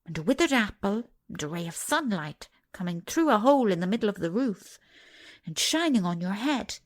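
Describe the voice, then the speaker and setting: A woman's voice: medium pitch, big pitch swings, normal speed, close to an everyday voice. A woman voicing a proud miner boy who talks in a blunt, sulky way.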